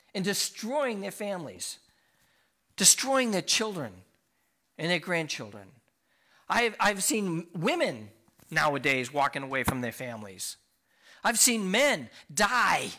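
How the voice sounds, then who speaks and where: Impassioned preaching man with bright voice. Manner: impassioned, swings from loud and high to low and quiet; repeats words and restarts when emphatic. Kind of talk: sermon.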